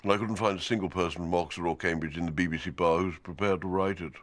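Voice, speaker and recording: A comic actor playing a pompous, self-satisfied television executive in a mock documentary interview. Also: male voice, low voice, fairly even intonation, fast. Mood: smug. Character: smug posh TV executive.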